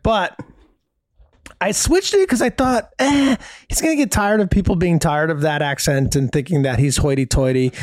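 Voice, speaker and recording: A man's voice: on the high side, no echo, studio quality. A man co-hosting a comedy podcast game, talking in a playful, eager way and jumping in often. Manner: animated, playful, jumps in eagerly. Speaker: podcast co-host and game contestant. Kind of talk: casual comedic chat.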